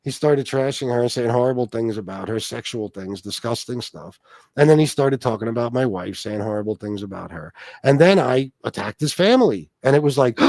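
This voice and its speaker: A man's voice: medium pitch, expressive, fairly quick, darkish tone, no echo. A man hosting a casual livestream who reads chat aloud and rambles with plenty of profanity. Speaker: livestream host.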